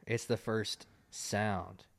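A man with a fairly low voice co-hosting a casual home-studio podcast. He teases and corrects his partner in a wry, easygoing way. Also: steady tone, very slow, vocal fry, fairly bright tone, no echo. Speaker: podcast co-host.

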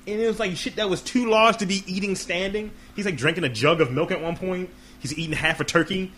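A podcast host with a high male voice talks a little fast over a faint hiss or hum. He keeps the chat casual and comedic, swearing freely and acting out quoted voices with animated energy.

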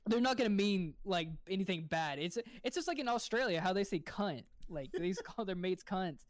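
A man's voice: sits high, lively intonation, moderate pace, no echo. Podcast guy rambling, restarts a lot, laughs, dry close mic sound. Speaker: podcast co-host. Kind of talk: casual chat. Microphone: desk mic with stream deck.

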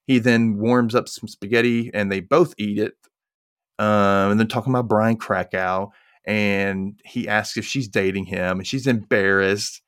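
A man's voice: lowish voice, a little slow, clean tone, dry recording, studio quality. A man co-hosting a podcast, recapping a TV episode in casual chat, joking and quoting characters in put-on voices. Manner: animated, jokey, quotes characters in voices, laughs often. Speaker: podcast co-host.

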